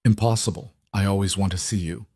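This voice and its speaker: A man's voice: low voice, fairly even intonation, brisk, mellow, breathy edge, no room sound, studio quality. A man voicing a clingy, loving little girl who talks in a pleading, insistent way.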